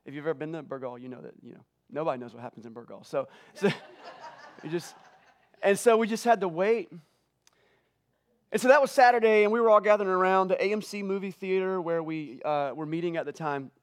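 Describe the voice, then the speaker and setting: A man's voice: high-pitched, quick pace. A middle-aged male pastor telling a story in a sermon, emotional and conversational, often repeating words as he goes. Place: church auditorium.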